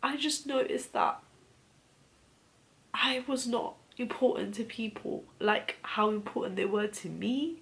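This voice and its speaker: A woman in her thirties telling a personal story of grief in a soft, intimate voice that often drops to a whisper. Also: fairly high pitch, unhurried, gravelly. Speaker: vlogger.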